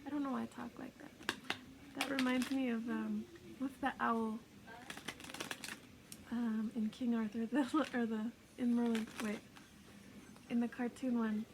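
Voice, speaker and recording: A woman giving a casual intuitive tarot reading, chatty and self-mocking, laughing often and sometimes dropping into soft whispers. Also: a little high, level tone, a little slow, long pauses, background noise. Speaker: tarot reader.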